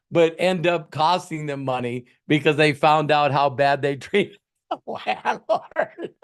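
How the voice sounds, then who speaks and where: Guy rambling through a motivational chat, acts out little scenes, ordinary pitch. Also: clear, resonant tone. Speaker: host, motivational coach. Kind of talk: casual motivational talk.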